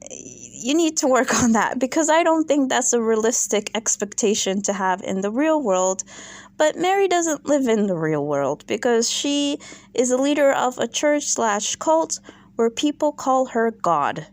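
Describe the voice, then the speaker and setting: A woman's voice: on the high side, big pitch swings, a little slow. A woman hosting a casual reality TV recap, opinionated and sarcastic. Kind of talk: casual commentary vlog.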